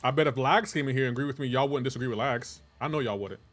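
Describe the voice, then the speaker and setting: A male livestream gamer chats casually with his viewers, teasing them loosely and pretending to be offended for laughs. He talks very fast at a middling pitch while faint music plays softly in the background.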